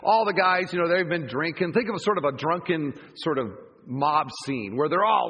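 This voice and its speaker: Animated, husky-voiced pastor in a reverberant hall. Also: male voice, fairly high pitch, moderate pace, few pauses, muffled recording. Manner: animated storytelling with vivid asides. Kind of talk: sermon. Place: church campus auditorium. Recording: long church hall reverb.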